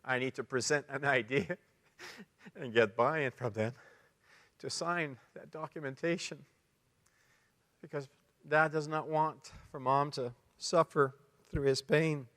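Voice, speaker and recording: A man's voice: medium pitch, a bit bright. Canadian man, middle-aged, earnest storyteller at a men's conference, resonant tone, reverberant big room. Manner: emotional storytelling, pauses and restarts. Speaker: conference speaker. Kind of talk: personal testimony talk. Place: large conference hall. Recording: long hall reverb.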